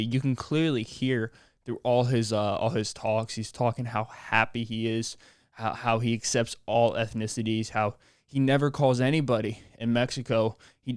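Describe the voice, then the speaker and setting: A young man hosting a solo podcast, rambling in deadpan sarcasm and laughing at his own jokes. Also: medium pitch, clear, resonant tone, dry recording, clean studio sound. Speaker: podcast host.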